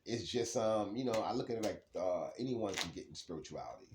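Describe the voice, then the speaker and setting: A man gives a casual, rambling tarot card reading, laughing often and swinging between low mutters and loud bursts. He speaks fast and expressively, and the recording is very noisy.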